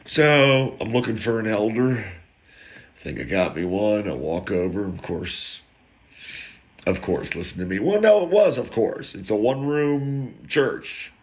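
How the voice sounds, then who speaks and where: Low gravelly man telling a story. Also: unhurried. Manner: animated, acts out quoted people, jokes about word sounds. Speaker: podcast host. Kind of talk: casual comic storytelling.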